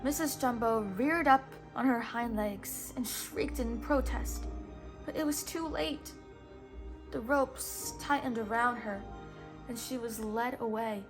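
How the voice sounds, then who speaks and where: A woman reading a children's picture book aloud in a gentle, measured way. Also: a little high, over music. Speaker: storybook reader.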